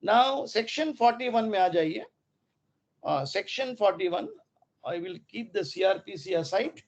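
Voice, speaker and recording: High-voiced Indian law professor lecturing. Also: male voice, animated. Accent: Indian English, mixing in Hindi. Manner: deliberate, repeats key terms, tells students to underline.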